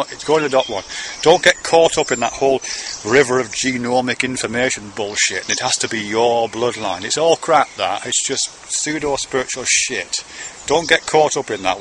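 A man's voice: mid-range voice, fairly bright tone, slight background noise. A man talking to his son in a meandering, conversational monologue, swearing casually now and then. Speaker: father speaking to his son. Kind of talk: rambling monologue to camera.

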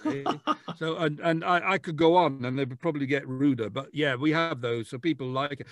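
Man, podcast guest, jokey storyteller, fairly high voice, dry sound. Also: fairly quick, dry recording. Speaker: guest author. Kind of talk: casual podcast chat.

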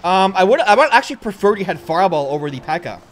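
A young man hosting a gaming channel, giving gameplay commentary and jumping to loud, excitable outbursts. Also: high-pitched, quick pace.

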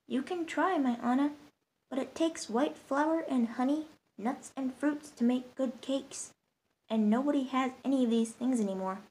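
Woman reading as a sober patient farm dad, calm and measured. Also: sits high, natural voice. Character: sober patient farmer father.

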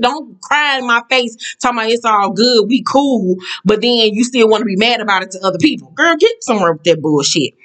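A woman's voice: fairly high pitch, a bit bright. A woman vlogger recapping a reality show episode in a sassy, blunt, casual way, swearing freely and laughing at her own jokes.

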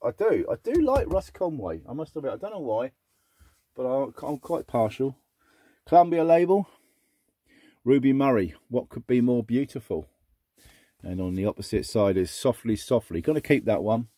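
A middle-aged man chatting casually as he sorts through a box of old records, muttering asides and breaking into excited exclamations. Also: mid-range voice, normal speed, slightly rough, dry recording, studio quality. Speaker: record collector vlogger. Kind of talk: casual unboxing chat.

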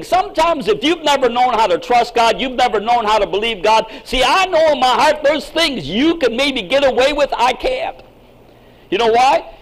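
A man preaching a sermon as pastor, emphatic, with sudden swings in pitch and loudness and frequent repeated words. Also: rough recording.

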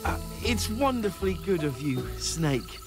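An actor voicing a small, clever mouse in an animated storybook, plucky and theatrical. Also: medium pitch, unhurried. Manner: bright, plucky, theatrical gasps. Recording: music bed under the voice.

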